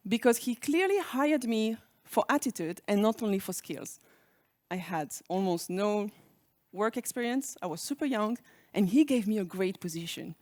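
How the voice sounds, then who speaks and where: Woman keynote speaker, French accent, fairly high and very animated, dry close sound, engaging. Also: dry recording. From France. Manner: engaging, asks the audience reflective questions. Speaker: speaker on leadership. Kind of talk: conference keynote talk.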